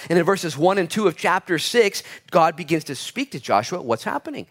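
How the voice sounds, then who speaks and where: A male pastor preaching in a church, with a voice pitched a little higher than most men. He tells his stories with humor and laughter, then jumps from loud calls to soft, quiet asides. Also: quick pace, few pauses. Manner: animated, swings from loud exclamations to quiet asides. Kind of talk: sermon.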